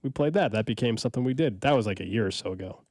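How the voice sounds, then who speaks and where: A man's voice: medium pitch, expressive, very fast. A man hosting a sports radio show, easygoing in casual banter and reading out listener texts into a studio microphone.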